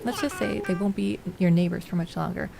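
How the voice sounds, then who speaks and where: A woman's voice: fairly low pitch, brisk, creaky, over music. A woman reading the lines of a male pirate who taunts and threatens villagers in a mocking tone. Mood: taunting. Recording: noisy home recording.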